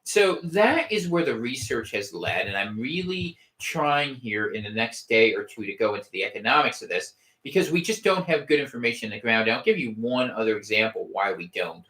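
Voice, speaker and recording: A man's voice: medium pitch, lively intonation, normal speed, hardly any pauses, pushed and bright. A man hosting a casual podcast livestream from home, rambling with wry gallows humor and frequent restarts. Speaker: podcast host. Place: home room.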